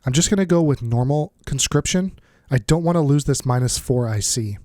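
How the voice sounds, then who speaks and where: Congested and talking his way through a strategy game, a let's play host mutters asides while working things out in casual commentary. He's expressive and fairly quick, with an average-pitched, slightly mellow voice recorded close and dry, no echo.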